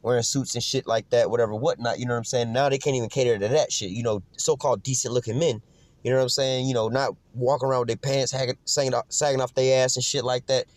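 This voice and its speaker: A man in his own casual commentary, talking fast and rambling through restarts. His voice sits at a middle pitch. His speech is slangy and peppered with profanity, and the recording is dry with no room sound. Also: fairly even intonation, no room sound. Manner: slangy and profane, keeps adding "man" and "you know what I'm saying".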